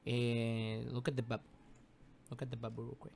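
A man streaming a horror game live, excitable and swearing, swinging between loud outbursts and low muttering, a native Spanish speaker. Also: normal speed, creaky, slight background noise. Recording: music playing loudly behind.

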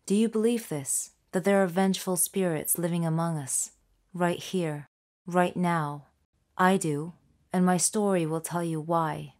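A woman's voice: fairly low pitch, a little slow, a little mellow. A young woman narrating her own story in an earnest storytelling manner. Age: young adult. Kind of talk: scripted first-person narration.

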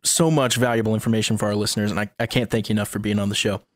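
A man's voice: on the low side, steady tone, racing. A man hosting a podcast, easygoing and laughing along with his guest as he wraps up the interview. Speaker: podcast host. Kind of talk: casual interview.

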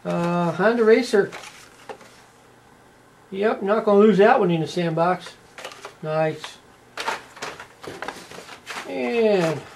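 In a high-pitched, slightly mellow voice, with a little hiss or hum on the recording, a man with a Canadian accent presents a toy unboxing. He rambles casually and folksily, saying "uh" a lot and ending lines with "eh".

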